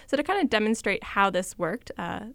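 A woman's voice: medium pitch, sing-song, fairly quick, creaky, a bit bright, no echo. A woman radio reporter talking through an accent project in conversational narration.

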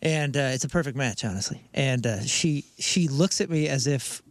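A man co-hosting a radio show, telling a relaxed, rambling story with many restarts. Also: mid-range voice, normal speed, dry recording. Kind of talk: casual radio banter.

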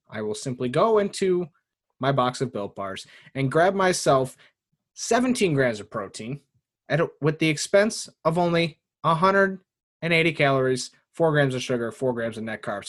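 A man hosting a casual sports podcast, talking in an animated way with frequent laughs and mock impressions. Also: fairly high pitch, moderate pace. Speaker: podcast host.

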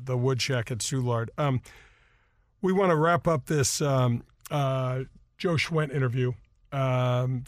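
A man's voice: mid-range voice, no room sound, clean studio sound. A man hosting a golf radio show, chatting in a rambling, casual way with lots of fillers. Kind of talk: casual radio talk with live sponsor reads. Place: radio studio. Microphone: studio microphone.

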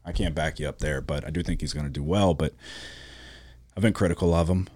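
A man co-hosting a podcast in casual sports chat, swearing often and acting out his own reactions with sudden high yelps. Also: steady tone, a little fast, a little mellow. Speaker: podcast co-host.

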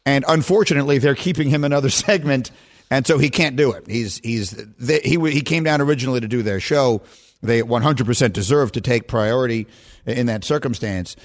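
A middle-aged man hosting a sports radio show, telling stories in a playful, animated way and laughing often. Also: mid-range voice, fairly quick. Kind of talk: casual sports radio chat.

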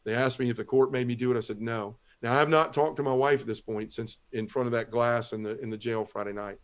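A fast-talking middle-aged man with a medium-pitched voice and fairly even intonation gives an earnest personal testimony. He's a talk show guest in a podcast interview, telling things in order, speaking with Southern turns of phrase, and voicing other people's lines himself.

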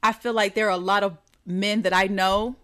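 A woman co-hosting a relaxed talk show, speaking earnestly at a middle pitch. She tells stories in an even, conversational way and slips into quoted lines as she goes. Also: moderate pace, smooth. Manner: earnest, storytelling, acts out quotes. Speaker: podcast co-host. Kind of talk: casual conversation.

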